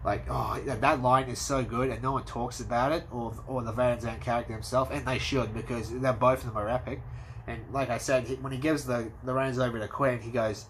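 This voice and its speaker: A man giving an excitable, casual movie review, swearing freely and acting out scenes. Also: mid-range voice, brisk, a little hiss or hum. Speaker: movie commentator.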